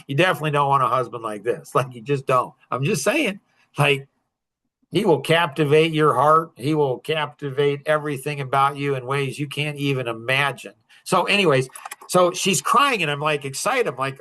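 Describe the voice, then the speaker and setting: A man in his sixties hosting a podcast, telling a personal story in an animated way with laughs and acted-out lines of dialogue. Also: on the high side, moderate pace. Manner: animated, laughing, acts out dialogue with bursts of excitement. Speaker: podcast host.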